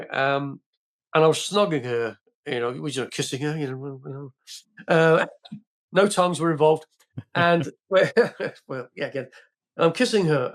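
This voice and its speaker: A man's voice: mid-range voice, gravelly. An older man, a film actor guest on a podcast, telling rambling stories full of fillers and restarts. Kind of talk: casual interview storytelling.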